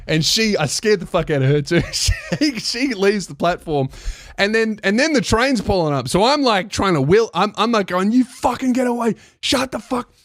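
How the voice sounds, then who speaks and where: High-voiced man telling a heated, sweary story. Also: no room sound, clean studio sound. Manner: profane, heated, with frequent restarts. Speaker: podcast host and comedian. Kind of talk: comedic storytelling. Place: podcast studio.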